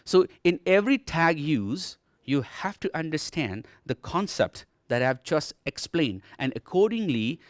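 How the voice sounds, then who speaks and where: Nepali-accented male English teacher, TV lesson delivery, animated pitch, says "okay" a lot, dry close mic. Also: a little slow, hardly any pauses, no room sound. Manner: explanatory, repeats "okay" often, demonstrates rising and falling tones. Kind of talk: televised distance-learning lesson. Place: TV studio.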